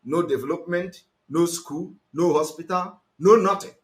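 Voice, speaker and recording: A man's voice: on the high side, moderate pace. A man giving impassioned, mocking political commentary to his listeners. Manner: forceful, mocking, mixes in pidgin and Igbo. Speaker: activist broadcaster.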